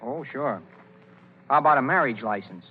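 A halting, good-natured husband. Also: male voice, medium pitch, lively intonation, breathy edge. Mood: hesitant. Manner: halting, hesitant. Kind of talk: 1930s radio acting. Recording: tinny, echoey old radio broadcast.

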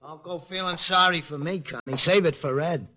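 An actor playing a tough-talking, streetwise war veteran who narrates the story in a 1940s radio drama, full of slang and wisecracks. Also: male voice, on the high side, moderate pace, bright, forceful tone. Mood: insistent. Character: wisecracking streetwise man, war veteran, gruff but kind. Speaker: narrator and lead character.

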